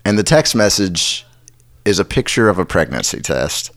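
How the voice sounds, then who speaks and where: A man co-hosting a podcast, telling a personal story in a relaxed way with many restarts. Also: sits low, normal speed. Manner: relaxed storyteller, frequent restarts and self-corrections. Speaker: podcast co-host. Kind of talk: casual chat.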